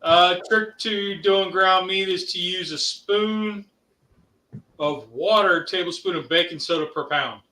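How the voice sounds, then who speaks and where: A man's voice: sits high, sharp tone, distant mic. Man, from Ohio, casual cooking-show chat, rambling with fillers, roomy sound, a bit off-mic. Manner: rambling, halting, many fillers. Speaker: co-host.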